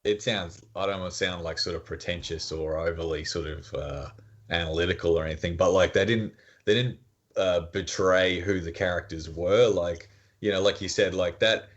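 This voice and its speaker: Casting: very low-voiced man, chatty podcast co-host, rambling, muffled lo-fi sound. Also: fairly even intonation, moderate pace. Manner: rambling, many fillers, quotes characters in voices. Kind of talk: casual chat about films.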